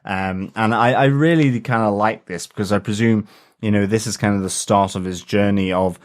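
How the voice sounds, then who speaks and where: Low-voiced man on a relaxed podcast. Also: moderate pace. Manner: relaxed, thoughtful, uses many fillers. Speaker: podcast co-host. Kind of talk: casual chat.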